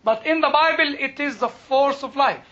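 Man, Bible teacher; very high, bright voice, slow delivery, dull lo-fi recording. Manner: slow, searching for English words. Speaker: Bible lecturer. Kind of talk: informal Bible talk. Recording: dull lo-fi sound.

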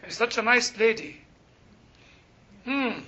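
Man, very high voice, Bible study teacher, animated, jokey, dull lo-fi recording. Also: slow pace. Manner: animated, jokey, quizzes the class. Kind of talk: interactive class teaching. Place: classroom with a group.

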